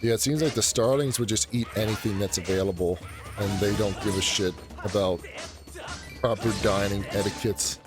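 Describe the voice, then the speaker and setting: A man's voice: on the low side, normal speed, over music. A man giving casual, profane, joking commentary on a video game he plays, his voice sore from talking. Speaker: gaming channel host. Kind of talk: casual let's play commentary.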